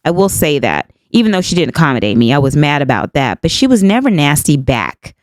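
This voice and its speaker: A woman's voice: deep voice, big pitch swings, brisk, no echo. A woman in her fifties, a podcast host, candidly retelling a personal story and acting out both sides of the dialogue. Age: 50s.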